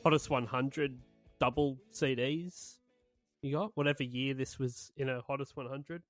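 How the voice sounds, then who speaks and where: A man's voice: mid-range voice, fairly even intonation, normal speed, no room sound, soft background music. A man co-hosting a comedy podcast, brash and swearing freely as he banters and reads lyrics aloud. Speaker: podcast co-host.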